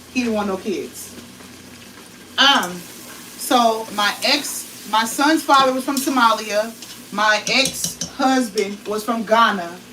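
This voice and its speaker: An American woman chatting casually while she cooks in her home kitchen, now and then calling out loudly across the house. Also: fairly high pitch, a little hiss or hum. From United States. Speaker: cooking vlogger. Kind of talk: casual chat while cooking. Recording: echoey kitchen, mic at a distance. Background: food sizzling in a pan.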